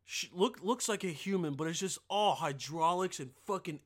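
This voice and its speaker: A young man hosting a podcast, riffing in a rambling, profane, casual comedic rant and now and then bursting into loud yelled impressions. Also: high voice, moderate pace. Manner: rambling, profane, full of filler.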